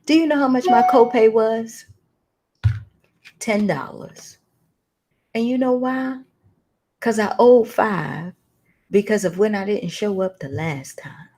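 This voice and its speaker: Slow-talking woman. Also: high voice, darkish tone, slight background noise. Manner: emotional, preacherly storytelling addressing listeners as y'all. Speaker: host. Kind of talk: personal testimony talk.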